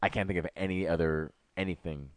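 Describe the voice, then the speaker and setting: A man's voice: low-pitched, steady tone, fairly quick, no echo. A man co-hosting a casual podcast chat, talking expressively and laughing easily.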